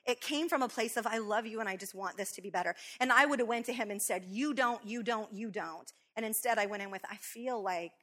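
A woman co-hosting a talk show with her husband, telling a personal story in a lively, quick way with many fillers. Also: on the high side. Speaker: co-host, wife. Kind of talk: storytelling in casual chat.

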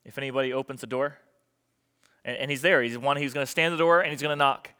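A man's voice: mid-range voice, quick pace, sharp tone, clean tone. A male pastor preaching a sermon, emphatic and repeating his key phrases for effect.

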